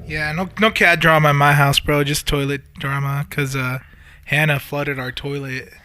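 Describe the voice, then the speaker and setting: A man's voice: fairly high pitch, little pitch movement, normal speed, bright, forceful tone, smooth, no echo. A man hosting a casual podcast, joking and teasing his guests. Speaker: podcast host.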